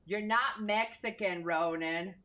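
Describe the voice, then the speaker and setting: A woman's voice: medium pitch, slow, pushed and bright. A young woman streamer chatting casually with her live chat, reading messages aloud, answering offhand and swearing freely.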